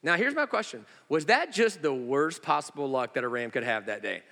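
A male pastor preaching a sermon, an animated storyteller who swings between loud, high exclamations and slow, hushed emphasis. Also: vocal fry. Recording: long reverb of a large hall.

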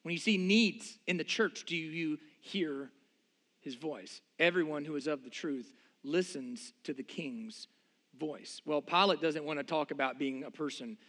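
A man's voice: fairly high pitch, unhurried, a bit bright. A man preaching a sermon as pastor, earnest and emphatic, asking the listeners repeated rhetorical questions.

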